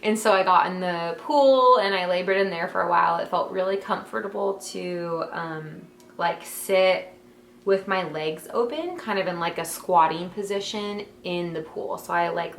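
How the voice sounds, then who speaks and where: A young woman chats to the camera from her bedroom, telling a story in an easy, emotional way. She fills her speech with "like" and "um". The room adds a clear echo, with a faint hum of ambient noise behind her. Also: fairly low pitch, fairly even intonation, unhurried, fairly bright tone. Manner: chatty, many fillers like "like" and "um"; emotional, heartfelt.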